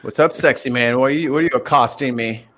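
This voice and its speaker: A man's voice: mid-range voice, quick pace, a bit bright. A man teases his friends and tells short stories on a group video call. He sounds loose and playful. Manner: bantering, jokey. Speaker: guest on call. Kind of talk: casual chat.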